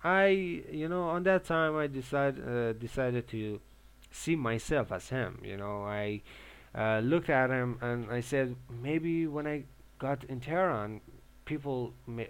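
Halting young man. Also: mid-range voice. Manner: halting, with many filler pauses and restarts. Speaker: English learner giving advice. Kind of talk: casual monologue.

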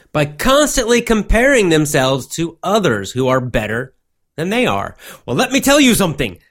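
A man giving a motivational English lesson, speaking slowly in simple words and repeating himself often. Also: mid-range voice, a bit bright. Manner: slow, simple wording with many repetitions. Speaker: English teacher.

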